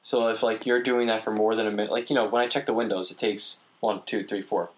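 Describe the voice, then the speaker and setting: A man chatting casually as a podcast co-host, telling stories in a relaxed, rambling way. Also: fairly low pitch, fast. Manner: rambling, relaxed storyteller with fillers. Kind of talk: casual chat.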